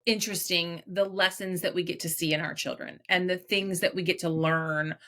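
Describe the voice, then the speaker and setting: Host: woman, bright and crisp voice, affirming, chatty interviewer. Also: lowish voice, fairly even intonation. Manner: affirming, quick back-channel responses. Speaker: podcast host. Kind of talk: candid podcast conversation.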